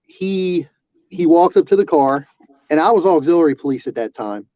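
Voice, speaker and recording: A man, an auxiliary police officer, telling a personal story in casual talk, halting with restarts and fillers. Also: a little high, lively intonation, no echo. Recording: dull lo-fi sound.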